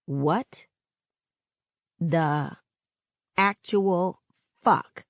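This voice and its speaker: A woman reading a novel aloud in first person, with expressive narration. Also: fairly low pitch, a little slow, no echo. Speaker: reader. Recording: dull, close, dry audio.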